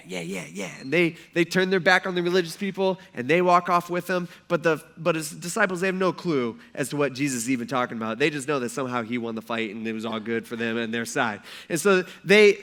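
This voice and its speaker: Middle-aged pastor, male, high and bright, animated storytelling sermon delivery. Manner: animated storytelling, acting out quotes.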